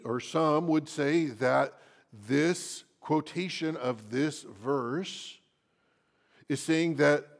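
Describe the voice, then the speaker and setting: A male pastor delivers an expository sermon at an unhurried, deliberate pace. His voice has a gravelly, creaky texture. He keeps reading scripture and asking the congregation questions. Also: a little high.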